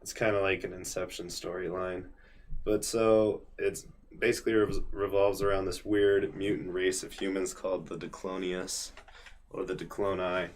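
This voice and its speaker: A man's voice: low-pitched, little pitch movement, moderate pace. A man co-hosting an anime podcast, talking casually and laid-back, swearing and laughing often. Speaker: podcast co-host. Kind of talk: casual chat.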